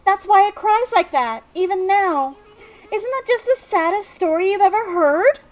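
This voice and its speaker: A woman voicing a sweet little girl in a video game, high and nasal, telling a sad story in a wistful way. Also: expressive, normal speed, soft background music.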